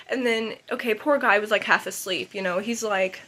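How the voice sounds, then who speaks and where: A young woman tells a story in a casual, animated vlog style. She acts out each scene as she goes and fills her talk with "like" and "you know." Her pitch sits at a typical middle level. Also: brisk, few pauses, slight background noise. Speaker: vlogger telling a story.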